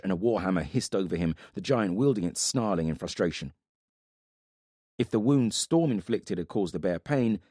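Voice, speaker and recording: A man narrating a fantasy audiobook in a dramatic, steady manner. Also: fairly low pitch, no echo, clean studio sound.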